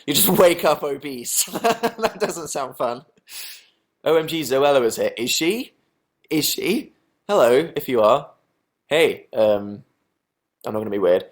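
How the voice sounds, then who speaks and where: A man's voice: medium pitch, lively intonation, unhurried. A young British man chatting casually on a livestream, rambling and self-deprecating as he answers questions from the chat. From England. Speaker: livestream host.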